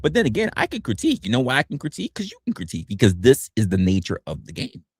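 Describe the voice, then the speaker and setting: A man's voice: medium pitch, huge pitch swings, very fast, breathy edge. A man in his forties giving a blunt, profane livestream rant from his home office. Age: 40s. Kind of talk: ranting livestream monologue.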